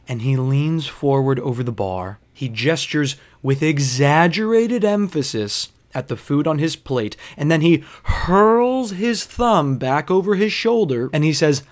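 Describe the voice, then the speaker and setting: A young man, a bartender, telling a story casually with lots of swearing and sarcasm. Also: medium pitch. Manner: profane, animated, sarcastic.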